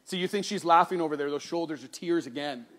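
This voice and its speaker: Man preaching, lively storytelling. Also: on the high side, fast talker. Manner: storytelling with animated quoting, then earnest and softer on scripture. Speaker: pastor. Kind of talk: sermon.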